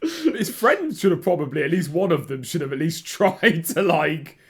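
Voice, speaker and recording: A man's voice: a little high, sing-song, moderate pace, breathy edge. Hesitant man in a casual film chat. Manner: hesitant, many fillers and restarts. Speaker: podcast co-host.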